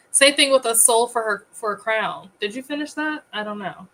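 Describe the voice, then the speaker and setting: A woman hosting a casual livestream, chatty and quick to laugh as she greets viewers. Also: fairly high pitch, expressive, fairly bright tone, a little hiss or hum, rough recording. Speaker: livestream host.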